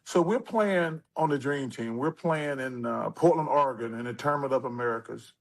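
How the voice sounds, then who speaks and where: A man in his sixties, an interview guest, telling stories in a casual, animated way with lively asides. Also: mid-range voice, moderate pace, creaky. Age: 60s.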